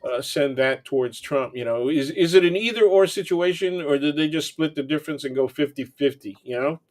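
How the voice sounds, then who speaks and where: A man's voice: fairly high pitch, fairly quick. A man appearing as a guest on a talk show, chatting casually with wry, sarcastic humor. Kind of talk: casual chat.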